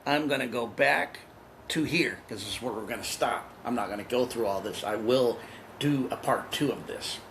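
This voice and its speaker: Bright, emphatic man teaching from a text. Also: on the high side, slight background noise, low-quality recording. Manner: reads passages aloud, then explains them in repetitive, emphatic bursts. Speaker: spiritual teacher.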